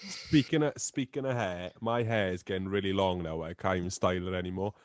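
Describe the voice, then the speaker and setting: A young man with a fairly low voice chats with friends on a podcast. He tells teasing stories in an animated way. The sound is dry and close. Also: brisk, no room sound. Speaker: podcast co-host. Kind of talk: casual chat among friends.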